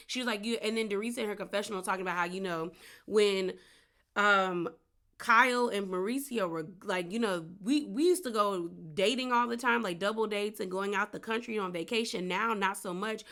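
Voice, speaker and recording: Chatty gossiping woman, bright voice. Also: medium pitch, a little fast. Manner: chatty, gossipy, lots of "girl" and "like". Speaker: reality TV recapper. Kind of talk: casual recap commentary.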